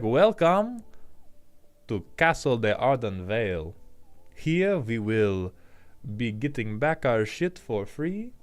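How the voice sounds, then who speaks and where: A man's voice: medium pitch, clean tone. A man putting on an exaggerated French accent, playing a theatrical Frenchman who halts and hams it up. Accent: put-on French. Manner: exaggerated, halting, hamming it up. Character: hammy theatrical Frenchman, grown man, playful.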